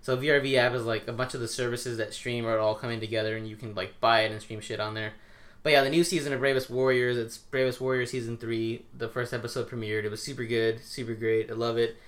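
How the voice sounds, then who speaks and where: A young man co-hosting a podcast, telling stories in a lively, casual way with offhand swearing. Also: mid-range voice, fast. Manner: animated storytelling, swearing casually. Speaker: podcast co-host. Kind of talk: casual chat.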